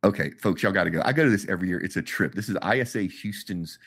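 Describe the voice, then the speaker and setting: A man's voice: deep voice, fast talker, a bit bright, slightly rough. A man, hosting a casual podcast as the industry expert and upbeat as he promotes events, with plenty of fillers.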